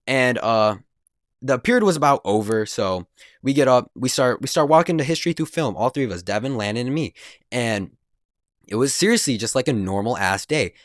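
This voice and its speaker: A man's voice: mid-range voice, animated, moderate pace, no echo, clean studio sound. A young man telling a story-time vlog in a rambling, slangy and profane way. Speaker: vlogger.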